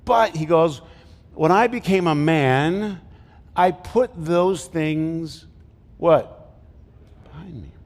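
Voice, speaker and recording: A middle-aged man preaches in a casual, joking way, asking the congregation questions as he goes. His voice sits a bit high for a man. Long reverb from the church hall trails after his words. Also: extremely slow. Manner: conversational, jokey, asks the congregation questions. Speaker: pastor. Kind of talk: sermon.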